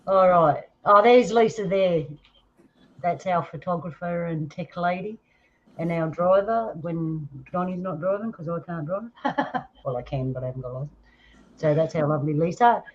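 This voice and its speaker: A woman's voice: on the low side, normal speed, muffled recording. A woman with an Australian accent hosting a casual chat, telling stories about her photos and laughing often. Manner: laughing, storytelling, acts out quoted voices. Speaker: host.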